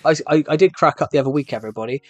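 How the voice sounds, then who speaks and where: A man's voice: a little high, rapid-fire, no echo, muffled recording, soft background music. A man streaming live, chatting in a rambling, casual way and talking straight to his viewers. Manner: rambling, addresses viewers directly. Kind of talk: casual live-stream chat while gaming.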